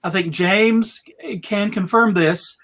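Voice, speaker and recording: A man hosting a video-call panel, introducing guests in a playful, drawn-out way. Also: high-pitched, fairly bright tone. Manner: slow, playful, drawn-out phrasing. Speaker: panel host. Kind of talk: casual video panel chat.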